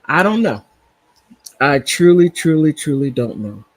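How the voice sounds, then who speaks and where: Livestream host, male, somewhat high voice with a husky edge, chatty and rambling, casual commentary. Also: very animated, unhurried, low-quality recording. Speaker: live-stream host. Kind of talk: casual live-stream commentary. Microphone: computer mic on a streaming app.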